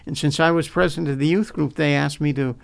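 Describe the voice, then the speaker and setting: Gravelly older pastor telling his story. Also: fairly high pitch, steady tone. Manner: earnest, halting, repeats words as he recalls. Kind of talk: personal storytelling in a faith interview.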